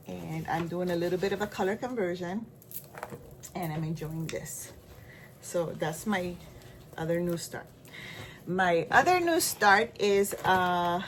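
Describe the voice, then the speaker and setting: Chatty Caribbean-accented woman, slightly low voice. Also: slow, pauses often, background noise. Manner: chatty and rambling, with frequent restarts and asides. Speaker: stitching vlogger. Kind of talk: casual show-and-tell chat.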